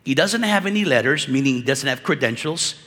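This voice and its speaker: Animated preaching man in a reverberant hall. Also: medium pitch, fairly quick. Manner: animated, conversational preaching with slang. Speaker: conference speaker. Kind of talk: sermon. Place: conference hall.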